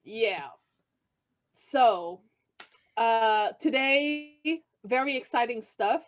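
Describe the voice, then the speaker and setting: A woman's voice: on the high side, lively intonation, extremely slow. A woman co-hosting a podcast in casual chat, giggly and a little rambling. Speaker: podcast co-host. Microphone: video call.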